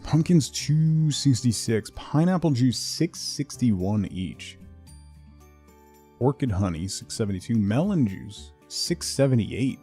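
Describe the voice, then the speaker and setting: A man streaming a video game, chatting casually, excitable and laughing often, repeating words when things go wrong. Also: mid-range voice, takes it slowly, breathy edge, soft background music.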